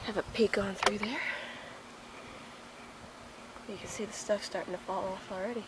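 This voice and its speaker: Out of breath, a young woman films a chatty, rambling vlog on her phone outdoors beside a house, partly in a car, using lots of fillers. Her mid-range voice is steady at normal speed with long pauses, and background noise comes through the outdoor recording.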